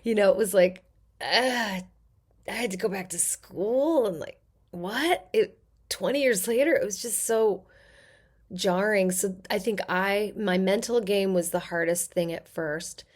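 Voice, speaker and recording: A woman's voice: mid-range voice, measured pace. A middle-aged woman who works as an actor and therapist, talking casually as a podcast guest and acting out voices in her stories. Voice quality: character-actor voice. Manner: animated, acts out quoted voices in her stories. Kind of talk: casual interview talk.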